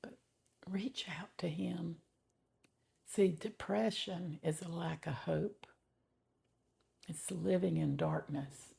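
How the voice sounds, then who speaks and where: Gravelly, husky woman sharing testimony. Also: fairly low pitch, fairly even intonation, mellow. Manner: slow and heartfelt, often dropping to a whisper. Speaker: testimony vlogger. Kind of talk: personal faith testimony.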